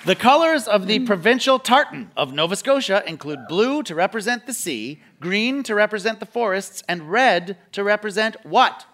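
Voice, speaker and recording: A man hosting a live comedy quiz on a theatre stage, jokey and quick with asides. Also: sits high, animated, fairly bright tone, a faint crowd. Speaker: quiz host. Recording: live theatre audience, light noise. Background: audience laughing and clapping.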